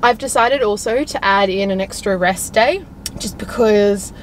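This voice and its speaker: A woman's voice: mid-range voice, a little slow, a little hiss or hum, low-quality recording. A young woman talking to camera in a casual vlog, chatty and giggly, with lots of filler words. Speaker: vlogger.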